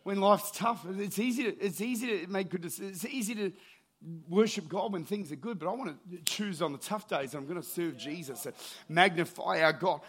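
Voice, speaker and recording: A man preaching a sermon as pastor, with lively storytelling that builds to shouted calls and then drops low and quiet. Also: moderate pace, breathy edge.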